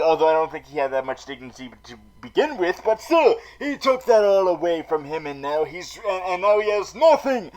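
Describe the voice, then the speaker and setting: A melodramatic super villain vlogger, played by a man, hosting a comedic recap show. He stammers and repeats words in a high voice, swinging between gushing and grumbling. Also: darkish tone, poor audio. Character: theatrical male super villain vlogger, dramatic. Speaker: vlog host. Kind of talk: comedic in-character recap vlog.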